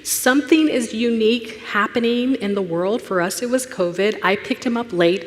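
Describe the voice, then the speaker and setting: A woman's voice: a little high, normal speed, hardly any pauses. Woman telling a story in a reverberant church. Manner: storytelling, acts out dialogue, drops to a hush for tender moments. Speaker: therapist speaking at church. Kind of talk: church talk with personal story. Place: church sanctuary. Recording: long hall reverb.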